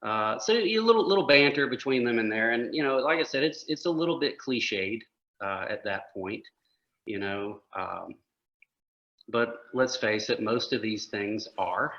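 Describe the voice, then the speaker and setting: Bright-voiced joking male podcast host. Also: medium pitch, animated, dull audio. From United States. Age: older than the other hosts. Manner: joking, recaps plot with quick asides. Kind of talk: casual movie chat.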